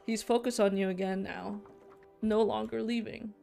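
A woman's voice: mid-range voice, steady tone, a little slow, creaky, darkish tone, faint music behind. A woman playing a story game, reading its narration aloud and breaking off into candid reactions. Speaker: let's play gamer. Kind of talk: reading game text aloud with casual commentary.

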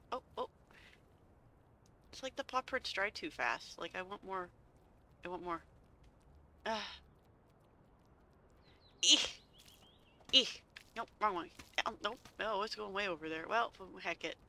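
A woman's voice: mid-range voice, animated, normal speed, creaky, long pauses, bright, forceful tone, a little hiss or hum. A woman playfully commenting on a game as she plays, seated and chatting to herself. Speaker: gaming channel host. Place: seated at home.

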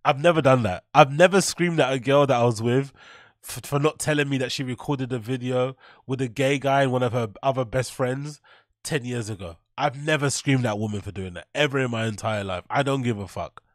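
A man's voice: mid-range voice, fairly quick, dry recording, studio quality. A man reacting to a clip, bluntly mocking what he hears and swearing often. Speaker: reaction streamer. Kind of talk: reacting to a clip, casual commentary.

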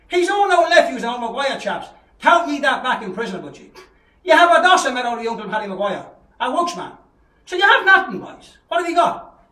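A man with an Irish Traveller accent, his very high voice swooping up and down as he rants. He taunts and insults over and over, with mocking laughs. He sounds roomy and set back from the mic. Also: bright, forceful tone, recorded from a distance. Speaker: vlogger issuing a challenge. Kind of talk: angry ranting callout video.

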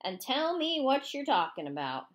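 A woman reading a storybook aloud, voicing a drunk, leering small-town male sheriff in a slow drawl. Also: high voice, big pitch swings, highs cut off, pitched above the performer's own voice.

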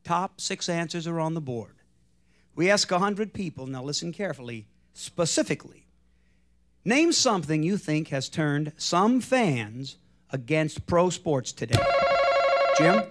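A man hosting a television game show, teasing the contestants in an animated, joking way. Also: on the high side, a little slow. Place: television studio stage. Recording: archival TV broadcast with loud studio audience.

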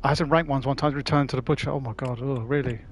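A Cockney-accented man from London, England, is live-streaming a game and chatting casually with viewers, matey and swearing freely. His voice sits at medium pitch with a steady tone, and he talks at a racing pace over slight background noise.

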